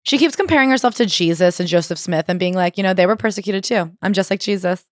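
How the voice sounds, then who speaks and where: Woman podcast co-host, quick chatty talk, dry room. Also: on the low side, no echo. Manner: chatty, acts out quotes with swearing. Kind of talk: casual chat recapping a memoir.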